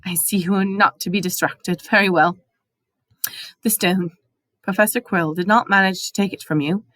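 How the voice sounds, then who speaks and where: A woman voicing a calm, kindly old male headmaster wizard who speaks gently and formally, in a dry storybook reading. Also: medium pitch, moderate pace, no echo, lightly acted. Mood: gentle.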